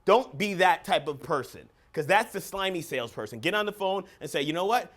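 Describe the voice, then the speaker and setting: A man giving an energetic, emphatic motivational talk as a coach at a live seminar. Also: high voice, a little fast. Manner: energetic, emphatic, acts out phone calls. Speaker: business coach and seminar speaker. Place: seminar room with live audience.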